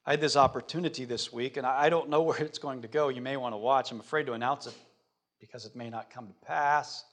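A man preaching a sermon dramatically, swinging from loud declarations to hushed words and asking his listeners rhetorical questions. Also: medium pitch, fairly even intonation, fast talker.

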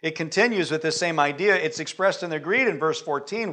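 A man preaching a sermon in a conversational style, his loudness rising and falling. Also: fairly high pitch, brisk, few pauses. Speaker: pastor.

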